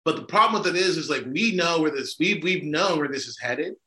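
Man on a podcast, bright slightly high voice, keeps asking "right?", roomy echo. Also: lively intonation, a little fast. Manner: emphatic, discursive, with frequent "right?" checks. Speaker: podcast co-host. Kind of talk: conversational discussion. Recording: echoey room.

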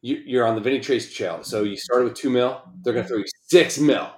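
A man's voice: medium pitch, fairly quick. A man co-hosting a casual talk show, rambling and swearing often in loose banter. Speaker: podcast co-host. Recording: roomy echo.

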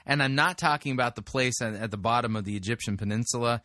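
A man's voice: mid-range voice, quick pace, bright, forceful tone, no room sound. Skeptical male critic, dry close sound. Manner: skeptical, blunt, interrupting with rebuttals. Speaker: podcast host and critic. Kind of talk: critical commentary on a sermon clip.

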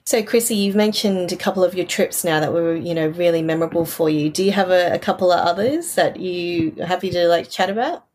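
A woman's voice: on the low side, expressive, fairly quick, hardly any pauses, a little mellow, a little hiss or hum. A woman co-hosting a casual podcast, talking about her trips with audible, smiling enthusiasm. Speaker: podcast co-host. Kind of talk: casual chat.

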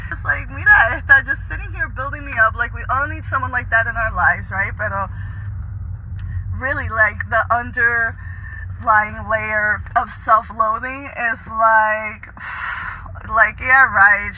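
A man's voice: very high-pitched, sharp tone. A man talking casually while driving his car, chatty, sprinkling in Spanish words and swearing freely. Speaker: artist vlogger. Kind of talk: casual monologue to camera. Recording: slightly muffled with faint road noise.

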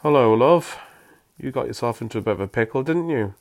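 A man putting on a cosy, chatty middle-aged mum in a storybook reading, voice pushed up high and soft, talking fast and fussing. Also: expressive, gravelly, dry recording.

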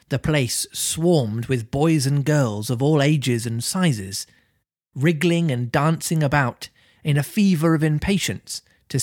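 A podcast host reading a children's classic aloud with expressive, lively delivery. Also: mid-range voice, dry recording, studio quality. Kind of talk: storybook reading with banter.

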